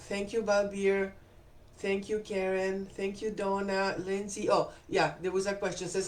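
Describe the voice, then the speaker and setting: A woman hosting a live stream talks in a chatty, enthusiastic way, reading out viewer comments and thanking people by name. Her voice sits at a middle pitch. The room around her is echoey. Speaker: live stream host selling essential oils. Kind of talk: casual live stream chat answering comments.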